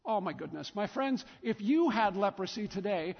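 In a church sanctuary, a male pastor preaches a sermon, telling the story emphatically with lots of repetition. His voice sits high, with lively intonation, a moderate pace and some creak. The recording is dull, with long church reverb.

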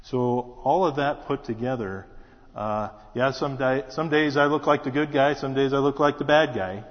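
A middle-aged man from South Dakota tells a personal story to a congregation in a plainspoken, steady manner, now and then restarting a phrase. His voice sits at an ordinary pitch. The recording sounds dull and lo-fi, with a long reverb from the church hall. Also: moderate pace. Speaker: school superintendent. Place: church sanctuary.

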